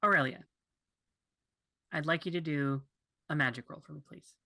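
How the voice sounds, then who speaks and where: A game master guides players through a tabletop session, slowly painting a vision with many pauses and fillers. The tone is bright and clear, at a middling pitch. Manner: loose, hesitant descriptive narration.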